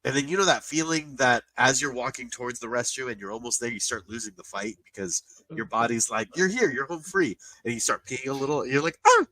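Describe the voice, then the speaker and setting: A man on a podcast, telling a crude story in a loose, animated way. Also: medium pitch, a little fast, no room sound, far from the mic, low-quality recording. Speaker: podcast co-host. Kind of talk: casual storytelling.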